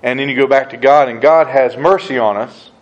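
A man's voice: mid-range voice, brisk, muffled recording. A man teaching a Bible study in a casual, conversational way, asking rhetorical questions and acting out quoted voices.

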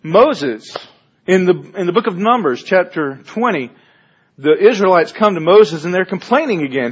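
A man preaching a sermon with a husky, slightly raised voice, slipping into quoted voices for biblical figures before explaining their lessons. The recording is dull and lo-fi. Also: sits high, animated, moderate pace.

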